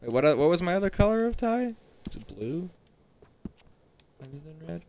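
A man's voice: on the high side, sing-song, moderate pace, creaky, background noise. A young man casually chatting and rambling to himself as he plays a video game, as a gaming streamer. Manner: chatty, rambling, self-talking while playing. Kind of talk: casual let's-play commentary.

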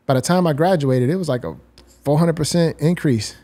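A man's voice: on the high side, brisk, mellow. A man in his forties, a guest designer, explaining his views at length in an interview. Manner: articulate, explains ideas at length. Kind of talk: reflective interview talk.

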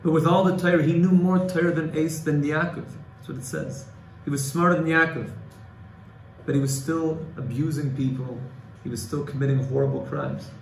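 A man's voice: fairly high pitch, normal speed, creaky. A man giving a Torah class, emotional and pleading at times, quoting Hebrew and Aramaic texts. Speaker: Torah teacher. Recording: echoey room with faint ambient noise.

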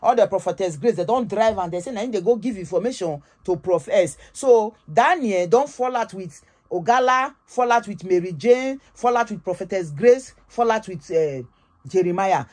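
A woman with a Nigerian Pidgin English accent telling gossip in an animated, emphatic way, often tagging her sentences with "oh". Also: mid-range voice. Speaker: gossip vlogger. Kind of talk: casual gossip storytelling.

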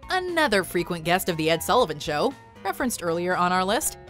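Lively woman narrating a countdown. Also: on the low side, brisk, soft background music. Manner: upbeat, lively list presenting. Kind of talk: scripted narration.

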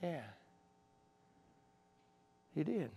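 A male pastor preaching a sermon in a church sanctuary, emphatic and repetitive, dropping to quiet asides. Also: on the high side, big pitch swings, very slow, vocal fry, slightly rough. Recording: long church reverb.

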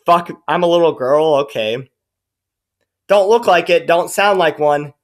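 A male YouTuber rants angrily in a vlog, cursing, sarcastic, and rambling with frequent restarts. His voice is a little high, and he talks a little slowly.

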